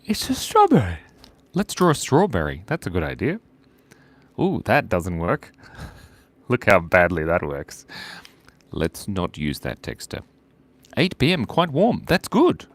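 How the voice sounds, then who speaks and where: Chatty guy with a lowish voice that swings all over, live drawing stream, dry close sound. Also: huge pitch swings, unhurried, long pauses, no echo. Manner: chatty, reads viewer comments aloud, jokes and laughs often. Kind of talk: casual live-stream chat while drawing.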